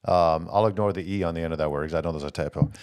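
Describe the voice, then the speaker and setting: Speaking very fast and smoothly, the fairly low-voiced host of a political talk show fires off rhetorical questions in an animated style. He reads out viewers' comments before answering each, with dry sound and no room reverberation.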